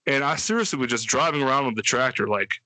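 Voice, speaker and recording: A fast-talking man with a medium-pitched voice and no room sound co-hosts a casual podcast. His wild story is profane and animated, with quotes acted out in a raised voice.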